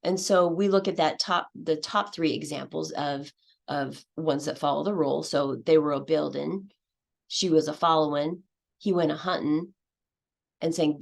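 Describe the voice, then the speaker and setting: Woman presenter, low pitch, gravelly fry, explanatory, quotes her students. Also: fairly even intonation, moderate pace. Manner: explanatory, acts out student voices. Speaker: teacher trainer presenting at a conference. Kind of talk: conference presentation.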